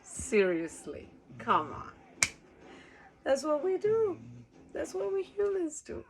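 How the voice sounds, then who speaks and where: A woman's voice: high-pitched, wildly swooping pitch, takes it slowly, noisy background. A woman from Rica, telling a rambling story casually, laughing often and swearing freely. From Costa Rica. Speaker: cruise ship worker.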